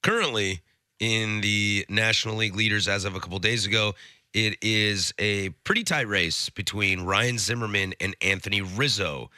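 A man's voice: on the low side, moderate pace, pushed and bright, no echo. Sarcastic male radio host, dry studio sound, casual banter. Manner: sarcastic, teasing. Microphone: studio mic.

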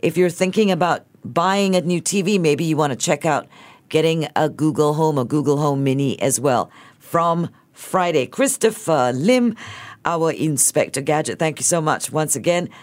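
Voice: medium pitch, expressive, normal speed. A radio host, chatting with a guest in a playful, teasing way. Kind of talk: casual radio chat.

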